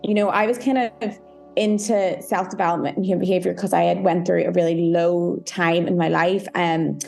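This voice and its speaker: A woman's voice: fairly low pitch, steady tone, normal speed, gravelly, a little mellow, soft background music. A woman guest on a podcast talking candidly about meditation, with a chatty, frank manner full of "like" and "you know". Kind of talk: casual podcast interview.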